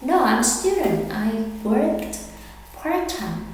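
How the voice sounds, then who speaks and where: A woman teaching an English lesson, slow and deliberate, repeating words for her learners. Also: fairly high pitch, sing-song. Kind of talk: language lesson. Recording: echoey hall with faint hum.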